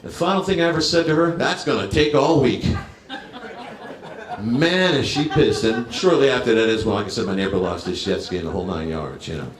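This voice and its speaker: A man's voice: fairly low pitch, quick pace, few pauses, echoey room. A man in his fifties from New Jersey doing a brash, crowd-working stand-up set. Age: 50s. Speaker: stand-up comedian. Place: bar stage.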